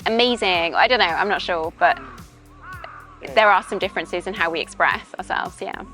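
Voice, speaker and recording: A woman's voice: fairly low pitch, normal speed, sharp tone, faint music behind. A young British woman from Wales, an English teacher, chatting casually in an outdoor interview and explaining with examples. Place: outdoors in a park. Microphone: handheld voice recorder.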